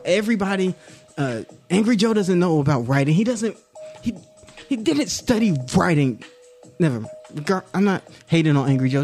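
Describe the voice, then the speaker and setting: A man's voice: high voice, darkish tone. A man giving a rambling, joking monologue as a video creator, drifting into clumsy freestyle rap. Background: hip-hop beat playing.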